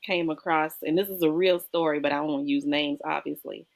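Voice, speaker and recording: Low-voiced woman host, calm and measured. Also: gravelly, rough recording. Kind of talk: casual chat.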